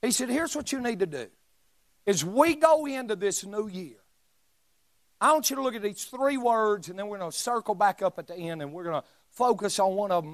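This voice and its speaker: A man preaching a sermon in a church, shouting emphatic lines and dropping into joking asides. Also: sits high, dry recording. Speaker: pastor. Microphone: live stream mic.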